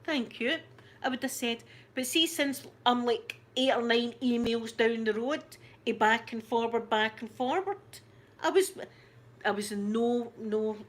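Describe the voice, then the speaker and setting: A middle-aged Scottish woman hosting her channel, chatting through a story in a lively, indignant way. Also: a little high, measured pace, a little hiss or hum. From Scotland. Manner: animated, indignant retelling full of "I says". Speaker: channel host. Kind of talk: casual storytelling chat.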